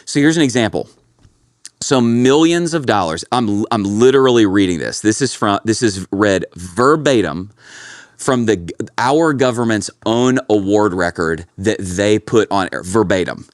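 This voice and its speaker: A man talks through a story on a podcast, his low voice swinging up and down with energy. He keeps it loose and chatty and tosses "bro" and "dude" at his co-host. The sound is close and dry, with no room at all. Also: expressive, a little slow, no room sound. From Kentucky. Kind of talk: casual podcast chat.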